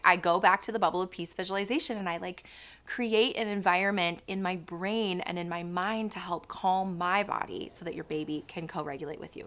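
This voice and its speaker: Chatty woman in her 30s giving baby tips, bright voice, lots of "like" and "right?". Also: on the low side. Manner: chatty, filler-heavy, animated quoting. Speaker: channel host, postpartum educator. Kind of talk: casual educational vlog.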